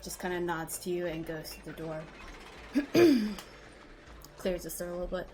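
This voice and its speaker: A woman's voice: fairly low pitch, lively intonation, normal speed, dark tone. A woman narrating as game master in a casual tabletop game, talking loosely with many ums and likes.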